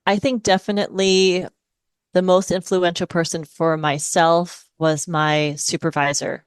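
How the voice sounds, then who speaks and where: A middle-aged woman from Hawaii speaks in a smooth, resonant voice that sits a little low. She explains her work with the patience of a speech-language pathologist, and she is recorded close and dry with no room sound. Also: little pitch movement, unhurried, no echo. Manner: patient, explanatory, models phrases in a lilting parent voice. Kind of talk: podcast interview conversation.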